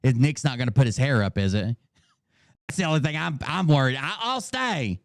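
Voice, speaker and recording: A man with a drawl hosts a loose, foul-mouthed stream, reacting to clips as he goes. His voice sounds clear and smooth, recorded close and dry with no room around it. He keeps it easygoing and laughs easily. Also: medium pitch, lively intonation, fairly quick, darkish tone, dry recording. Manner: laid-back, profane, laughing at clips. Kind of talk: casual live-stream commentary.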